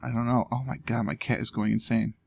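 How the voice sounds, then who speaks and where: A man with a gravelly, creaky voice talks through a video game in a loose, casual way. He thinks out loud and throws in dry little jokes as he goes. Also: medium pitch, flat delivery, fairly quick. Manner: thinking aloud, wry asides. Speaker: let's play host. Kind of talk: casual gameplay commentary.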